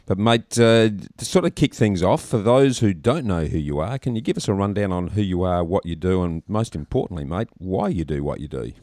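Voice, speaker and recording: Very deep Australian host, says mate. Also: male voice, expressive, fairly quick, hardly any pauses, a little mellow, no room sound, studio quality. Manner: matey, says "mate" often. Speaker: podcast host. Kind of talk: casual interview chat.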